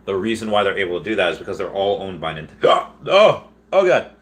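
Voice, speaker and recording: A man hosting a casual livestream, reading viewer chat aloud in a rambling, excitable way with frequent laughs and restarts. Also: low voice, fast.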